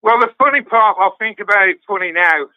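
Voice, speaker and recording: An older man chats casually and tells his stories in a high voice, with swearing and frequent laughter all through. The sound is thin and dry, like a phone line. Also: a little fast, smooth, no room sound. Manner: swears constantly, storytelling with laughs. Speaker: guest fan. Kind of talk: casual chat.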